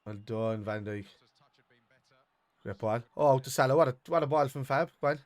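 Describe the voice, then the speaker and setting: A man co-hosting a football watch-along, calling out excited reactions to the play and swearing freely. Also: mid-range voice, moderate pace. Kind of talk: live match watch-along chat.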